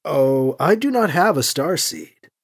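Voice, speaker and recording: A calm, scheming heretic who praises chaos in slow, stiff, formal phrases, put on by an audiobook reader. The voice is husky and the pitch swings widely. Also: heavily acted. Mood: sly, formal. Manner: stiff formal speech without contractions, unhurried.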